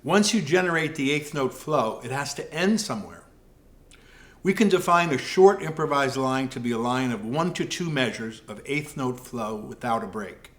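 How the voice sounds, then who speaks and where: A man teaching jazz piano improvisation, explaining in a calm, measured way. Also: medium pitch. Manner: calm, measured explaining with scat syllables and counting. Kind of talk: music lesson explanation.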